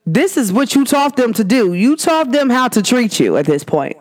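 A young woman hosting a podcast, talking in an emphatic, animated rant full of rhetorical questions. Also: fairly high pitch, moderate pace, hardly any pauses. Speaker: podcast host. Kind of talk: casual monologue.

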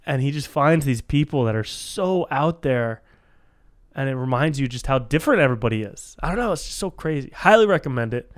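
Expressive and fairly quick, a man with a medium-pitched voice hosts a solo podcast, freestyling in a rambling, profane way and calling everyone dude. The recording is dry and clean, studio sound on a podcast microphone.

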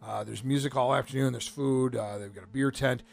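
Gravelly-voiced radio co-host. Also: male voice, medium pitch, steady tone, fairly quick. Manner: rambling, trails off softly at phrase ends. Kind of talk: casual radio chat. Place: radio studio.

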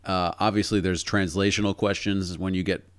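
A man co-hosting a casual chat about word history, relaxed and enthusiastic, calling his friend "dude" and "man". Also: deep voice, normal speed, clean tone, dry recording, studio quality. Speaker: podcast co-host.

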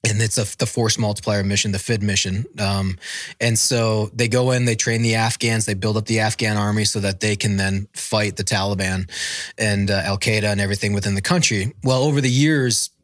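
A man in his thirties with a fairly low voice tells a rambling military story in casual interview talk. He swears freely and acts out the people he quotes. The sound is dry and close. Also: fairly even intonation, a little fast, a bit bright, no room sound. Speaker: podcast guest, former Marine.

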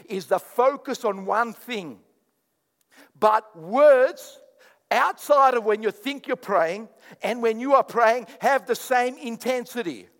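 Animated high-voiced male pastor preaching. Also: in a large hall. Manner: animated preaching, mock prayers, sudden loud bursts. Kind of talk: sermon.

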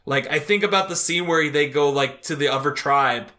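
A man co-hosting a podcast in casual chat, joking and animated, often laughing as he talks. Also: fairly high pitch, normal speed. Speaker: podcast co-host.

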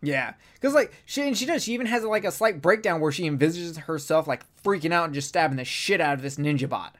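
Speaking fast with a medium-pitched voice, this podcast co-host rambles through a laid-back film review conversation, animated and full of profanity.

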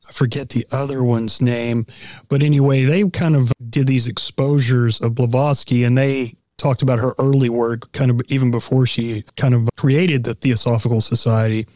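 A man's voice: mid-range voice, warm tone, no room sound, studio quality. Male podcast guest, hedging with fillers. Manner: hedging, filler-heavy explaining. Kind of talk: casual conversation.

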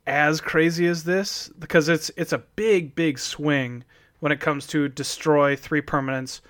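A man co-hosting a casual card-game discussion, talking in a halting way with many fillers and trailing thoughts. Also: on the high side, steady tone, a bit bright, no room sound, clean studio sound. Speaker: podcast co-host.

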